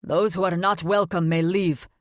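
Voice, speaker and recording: A woman's voice: on the low side, fairly even intonation, normal speed, no echo, studio quality, close to an everyday voice. A woman voicing a burly, tusked male demon in an audiobook, grim and uneasy.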